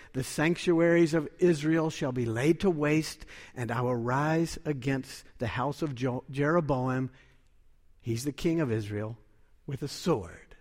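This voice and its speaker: A man preaching a sermon in a measured, emphatic way, lifting his voice when he quotes scripture. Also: fairly high pitch, darkish tone, long reverb tail.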